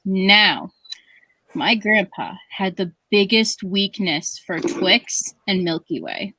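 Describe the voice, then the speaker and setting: A woman's voice: medium pitch, animated, takes it slowly, background noise. A woman co-hosting a stream, telling stories in a rambling, chatty way with many restarts. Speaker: stream co-host. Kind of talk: casual storytelling chat.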